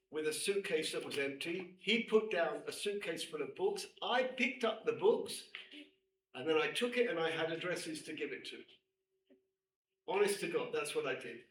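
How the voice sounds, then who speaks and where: A middle-aged man, a rabbi, lecturing women students and telling a personal story with emphatic, animated delivery. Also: a little high. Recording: echoey room, distant mic, faint noise.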